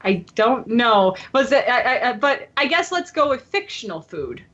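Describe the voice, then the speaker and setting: A woman's voice: fairly high pitch, normal speed, muffled recording. A young woman hosting a casual podcast chat, telling stories with lots of laughter and quoted voices. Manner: giggly, animated storytelling with quoted voices. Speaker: podcast host.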